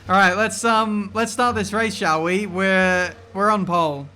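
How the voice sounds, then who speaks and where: An excitable man commentating his racing game, chatty and mildly sweary, with game music behind him. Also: high-pitched, a little slow. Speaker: gaming video creator.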